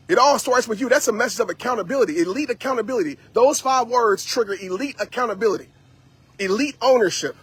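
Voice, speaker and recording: Husky high-voiced man preaching accountability. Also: fast talker, a bit bright, no room sound. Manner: preachy, repetitive, addresses audience directly. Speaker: motivational speaker. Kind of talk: motivational live-stream talk.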